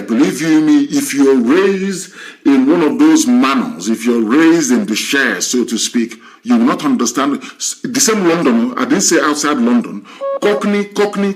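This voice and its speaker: A man hosting a live stream, lecturing his guest and asking rhetorical questions. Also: medium pitch. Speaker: host.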